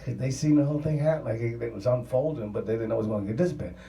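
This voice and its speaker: A man's voice: mid-range voice, racing, creaky, slight background noise. Man spinning a wild tale, roomy and distant. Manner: profane, excitable storytelling. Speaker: interviewee telling a story. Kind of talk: rambling anecdote. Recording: roomy sound from a distant mic.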